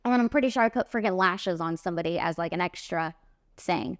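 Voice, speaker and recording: A woman in her late twenties, a podcast host and makeup artist, telling a story in an animated, emphatic way, full of "like" and "literally.". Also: fairly low pitch, fairly quick, no echo, studio quality. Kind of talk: casual storytelling monologue.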